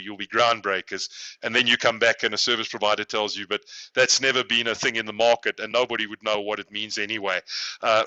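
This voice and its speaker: A man from South Africa speaking as a guest consultant on a video call, measured and repeating words as he thinks. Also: lowish voice, sharp tone, smooth, no echo, highs cut off.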